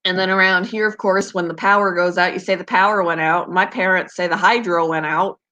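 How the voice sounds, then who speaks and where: A woman's voice: lowish voice, fairly even intonation, fairly quick, pushed and bright. A woman from Canada with a Canadian accent, chatting casually on a live stream, giggly and answering viewers' comments. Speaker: pet channel host.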